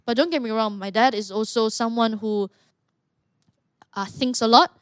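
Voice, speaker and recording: A woman's voice: on the high side, moderate pace, no echo, studio quality. A young woman, earnestly talking as a podcast guest, often restarting her sentences. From Malaysia. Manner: earnest, talkative, with frequent restarts. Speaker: guest, martial arts fighter. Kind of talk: casual podcast conversation.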